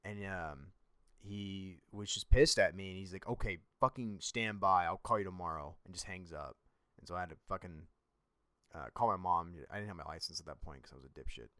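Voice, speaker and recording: A man's voice: low-pitched, brisk, fairly bright tone, dry recording, studio quality. A young man hosting a podcast, telling a personal story in a blunt, rambling and profane way. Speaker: podcast host.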